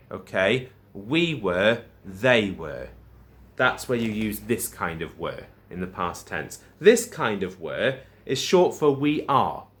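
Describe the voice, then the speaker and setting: A man's voice: medium pitch, a bit bright. A man teaching a recorded lesson to primary pupils, explaining step by step and checking in with "okay?" after each point. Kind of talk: recorded home-learning lesson.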